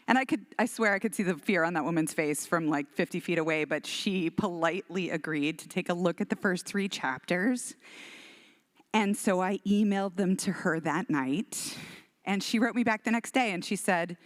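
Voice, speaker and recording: A middle-aged woman from Houston, giving a storytelling keynote in an animated, self-deprecating way. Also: lowish voice, moderate pace, no room sound. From Texas, Houston. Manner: animated, self-deprecating, acts out quoted voices. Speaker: keynote speaker, author.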